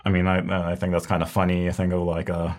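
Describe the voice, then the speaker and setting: A man's voice: deep voice, monotone, fast talker. A man giving a casual, explanatory recorded lecture on herbal medicine, repeating key terms as he goes.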